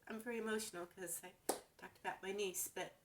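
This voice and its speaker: An older woman vlogging from home, talking earnestly and a little ramblingly to her camera, gently emotional as she encourages viewers. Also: mid-range voice, fairly even intonation, fairly quick, background noise. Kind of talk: casual heartfelt talk to camera. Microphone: camera mic.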